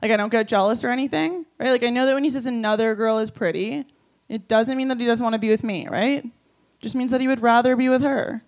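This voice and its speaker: A woman in her twenties doing a self-deprecating stand-up comedy set in a small bar, delivering deadpan punchlines and breaking into giggles. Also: a little high, quick pace.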